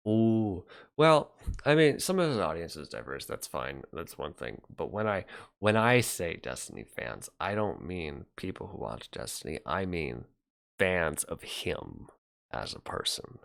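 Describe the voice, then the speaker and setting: A man's voice: low-pitched, very animated, a little slow, creaky, fairly bright tone. A young man hosting a casual livestream, chatting loosely and reacting to viewer comments as he rambles. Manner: rambling, reacts to chat, trails off. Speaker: livestream host reading chat.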